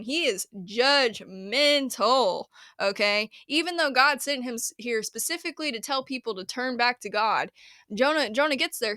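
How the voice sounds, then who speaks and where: Bright-voiced chatty woman podcaster. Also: on the high side, smooth, dry recording, clean studio sound. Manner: chatty, laughs often, paraphrases scripture in slangy put-on voices. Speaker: podcast host. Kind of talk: casual solo podcast talk.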